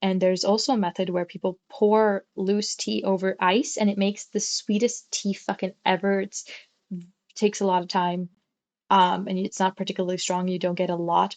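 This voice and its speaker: A woman's voice: medium pitch, level tone, normal speed, darkish tone. A young adult woman livestreaming from her bedroom at home, chatting casually in a rambling way and swearing now and then. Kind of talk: casual chat.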